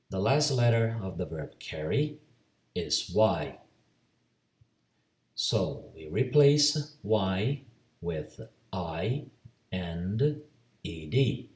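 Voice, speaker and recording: Brazilian guy teaching grammar real slow, spells letters out, kinda low voice, echoey room a bit off mic. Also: very animated, darkish tone, distant mic. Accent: Brazilian Portuguese. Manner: slow, deliberate, spells out letters and repeats rules. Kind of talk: slow bilingual grammar lesson.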